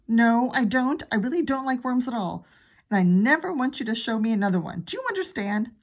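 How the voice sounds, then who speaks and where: A woman voicing a shrill, alarmed and stern mother in a storybook reading. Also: animated, fairly quick.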